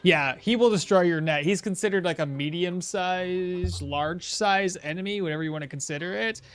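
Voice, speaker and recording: A man's voice: high voice, normal speed, fairly bright tone, clean tone, soft background music. A young man streaming a game, chatting casually and answering viewers' questions as he plays. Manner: chatty, answering chat questions while playing. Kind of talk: casual live-stream commentary.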